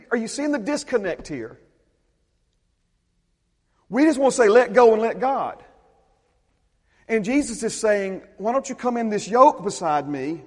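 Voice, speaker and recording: High-voiced preacher in a ringing hall. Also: male voice. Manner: emphatic preaching, repeats phrases, drops to a hush. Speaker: pastor. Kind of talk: sermon.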